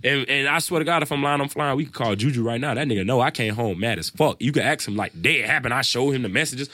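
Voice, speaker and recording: A man, a rapper, telling his own stories in a loose, profane, animated way, often quoting what others said. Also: mid-range voice, quick pace, hardly any pauses, no echo. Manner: animated, profane storytelling with quoted voices. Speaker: rapper and guest. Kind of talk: casual storytelling chat.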